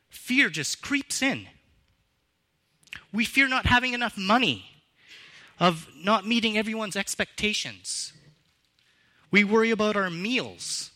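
A man preaching a sermon as pastor, with expressive, emphatic delivery that rises and falls in pitch and loudness.

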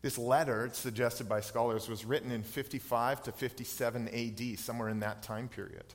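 A man's voice: mid-range voice, steady tone, brisk. A man in his thirties preaching a sermon as pastor, earnest, personal and reflective. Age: 30s. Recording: long hall reverb.

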